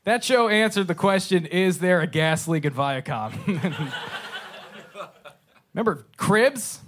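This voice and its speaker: A man's voice: sits high, a bit bright, a little hiss or hum. A man doing stand-up crowd work on a club stage, teasing the audience in a wry, self-deprecating way. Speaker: stand-up comedian.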